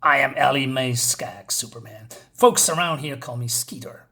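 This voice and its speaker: A man voicing a vengeful young female vampire with a put-on Southern accent and a hushed, menacing drawl. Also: mid-range voice, normal speed.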